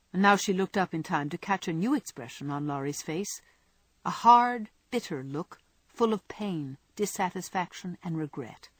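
Breathy woman reading a classic novel. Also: lowish voice, no room sound. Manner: expressive, measured storytelling. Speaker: audiobook narrator.

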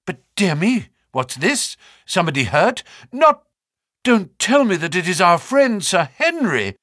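A man voicing a jaunty, nervous male naturalist with fluttering, high-pitched exclamations in an audiobook reading. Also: big pitch swings, unhurried, a bit bright, dry recording, studio quality. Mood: anxious.

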